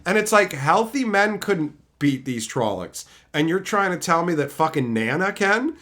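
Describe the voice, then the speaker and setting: A male streamer talks casually to his chat, cursing freely as he rants. His voice sits a little higher than most men's. His pitch swings widely from line to line. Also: big pitch swings, moderate pace, sharp tone. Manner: profane, ranting, reacting to chat. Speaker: livestream host. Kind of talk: unfiltered livestream chat.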